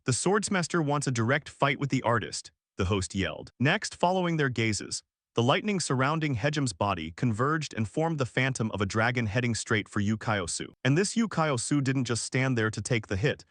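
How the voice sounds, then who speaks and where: Lively man narrating a story recap. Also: medium pitch, normal speed, dry recording, studio quality.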